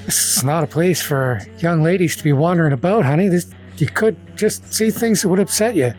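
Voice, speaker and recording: A man voicing a tall, sharp male high elf police officer who speaks in an oily, mock-polite, threatening way. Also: lively intonation, fairly quick, faint music behind, close to an everyday voice. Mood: falsely kind.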